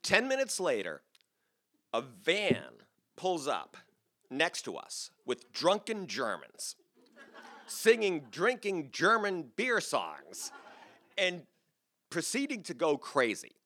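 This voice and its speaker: An older man tells a story on stage with a lively, rising and falling voice. His tone is bright and forward. He talks in a chatty, self-mocking way. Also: a little high, slow pace, long pauses. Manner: chatty and self-deprecating, with laughs. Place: theater stage before a live audience.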